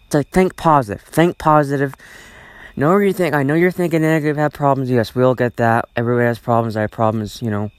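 A man's voice: mid-range voice, steady tone, fast, smooth, no room sound. Rambling, swearing man on a dry mic. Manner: rambling, repetitive, swears often. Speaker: podcast host. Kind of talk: solo podcast rant.

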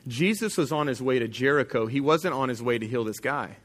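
A man's voice: medium pitch, animated, fairly quick, a bit bright. A man pastor preaching a sermon to his congregation in an emphatic, casual and plain-spoken way.

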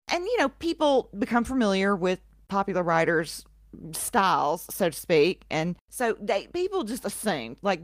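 A woman's voice: medium pitch, dry recording, studio quality. A woman co-hosting a casual podcast who retells history in an irreverent, profane way, full of sarcastic asides. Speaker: podcast co-host.

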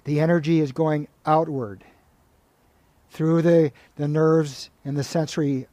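A man, a monk, giving a spiritual talk in a calm, measured way, retelling stories and reading passages aloud. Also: fairly high pitch, dry recording.

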